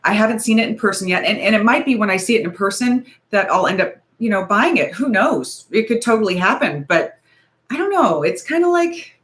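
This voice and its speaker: A woman's voice: medium pitch, expressive, a little fast, fairly bright tone. A woman in her forties hosting a casual beauty livestream, talking in a nervous, rambling, hedging way. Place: home, ring light.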